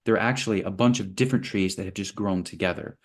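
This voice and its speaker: A man, interview guest, telling parables in a relaxed conversation and acting out little voices for the characters. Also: low-pitched, fast. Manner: playful, acts out little voices in his parables. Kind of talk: storytelling in conversation.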